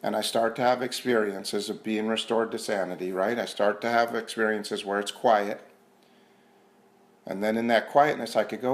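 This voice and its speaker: A man's voice: on the low side, fairly even intonation, moderate pace. A man speaking earnestly at a recovery meeting, sharing in a conversational, self-questioning way. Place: meeting room.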